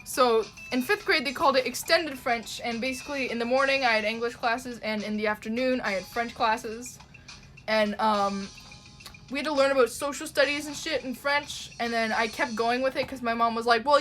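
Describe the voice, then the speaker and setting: Young woman, Toronto Canadian accent, rambling casual stream chat, swears freely, slightly high voice. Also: normal speed, a bit bright, faint music behind. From Ontario, Canada. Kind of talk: casual live-stream chat while drawing.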